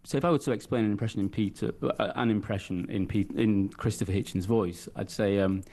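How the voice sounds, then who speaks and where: A man's voice: fairly low pitch, steady tone, fairly quick, darkish tone. Chatty male comedian guest. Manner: chatty, self-deprecating, many restarts. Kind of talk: casual chat.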